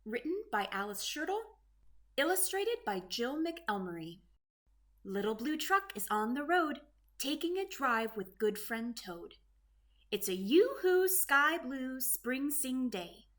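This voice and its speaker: A woman reading a children's picture book aloud in a gentle, rhythmic way. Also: high voice, very animated, slow. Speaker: storyteller.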